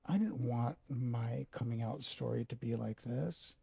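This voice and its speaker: A man telling a personal story in a halting, emotional way, swearing freely. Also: medium pitch, creaky, mellow, husky, no room sound, highs cut off. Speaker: video host.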